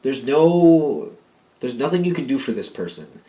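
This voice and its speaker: A man of middle pitch talks through a tarot reading in a loose, casual way. He rambles and repeats points for emphasis. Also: sing-song, unhurried, warm tone. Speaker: tarot card reader.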